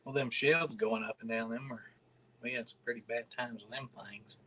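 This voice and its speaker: A man's voice: mid-range voice, fairly even intonation, normal speed, bright, forceful tone, a little hiss or hum, poor audio. A man from northern Alabama with a Southern accent, casually chatting with viewers on a livestream in a laid-back, mumbly drawl. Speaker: livestream host.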